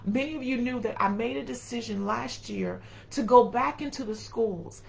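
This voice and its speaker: Gravelly-voiced woman preaching. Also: a little high, normal speed, a little mellow, poor audio. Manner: folksy, calls on the congregation, acts out quotes. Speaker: preacher and educator. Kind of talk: sermon.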